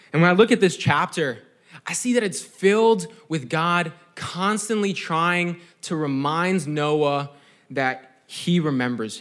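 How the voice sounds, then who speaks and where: A young male preacher with a high, light voice delivers a casual, conversational sermon. He sounds earnest and reflective and often checks in with his listeners. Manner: conversational, keeps asking "right?".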